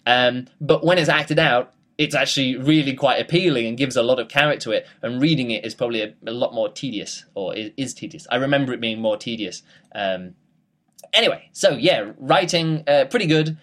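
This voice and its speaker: A man's voice: medium pitch, fairly quick, fairly bright tone. A man talks through his thoughts on a book in an easygoing, unscripted way. He rambles, trails off and restarts, filling the gaps with ums and you-knows. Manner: rambling, with frequent fillers and restarts. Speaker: book reviewer. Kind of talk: casual spoken book review.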